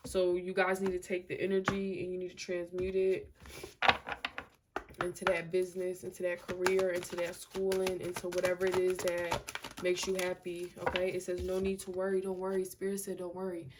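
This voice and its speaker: A woman's voice: fairly low pitch, monotone, moderate pace, background noise. A woman giving a casual tarot reading to camera, emphatic and slangy, repeating herself and filling with "you know" and "like". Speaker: tarot reader.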